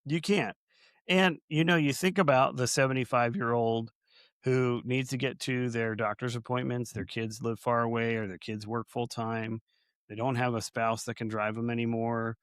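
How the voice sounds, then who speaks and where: Man, podcast co-host, casual chat, chatty storyteller, medium pitch, dry sound. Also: steady tone, moderate pace, smooth, dry recording. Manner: chatty and anecdotal, builds vivid comparisons.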